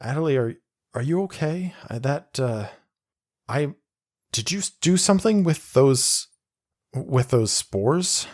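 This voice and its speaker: A man's voice: mid-range voice, lively intonation, slow, pauses often, darkish tone, pitched above the performer's own voice. A man voicing an earnest, kind young male pilot who stammers and trips over his words. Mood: worried.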